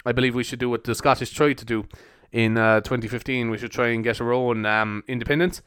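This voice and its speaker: A man's voice: mid-range voice, fairly even intonation, fast, fairly bright tone, smooth, dry recording, clean studio sound. A young man from Cork with a Cork Irish accent, hosting a solo podcast in a jokey, rambling way and swearing casually. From Cork, Ireland. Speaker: podcast host.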